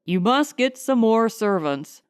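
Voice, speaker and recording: A woman voicing a calm, polite male householder in close to her own voice. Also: on the high side, a little slow, clean tone, no room sound. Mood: courteous.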